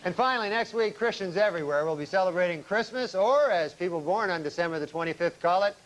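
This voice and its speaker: Deadpan male mock-news anchor, audience. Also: sits high, fast, a loud crowd, heavy background noise. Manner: deadpan, dry delivery. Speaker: mock newscaster. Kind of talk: deadpan comedy news segment. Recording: TV clip with live audience.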